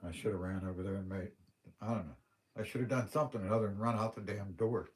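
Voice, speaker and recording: A man talks fast on a casual livestream, his Western Pennsylvania accent carrying rambling, plain-spoken, folksy stories. The voice is a little low and darkish in tone, with fairly even intonation.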